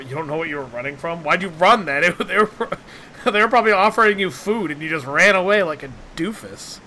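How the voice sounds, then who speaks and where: Man, gameplay host, bright forward voice, excitable and jokey, slightly high. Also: brisk, a little hiss or hum. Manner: excitable, jokey, yelps at scares. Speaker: gaming channel host. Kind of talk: casual co-op gameplay commentary.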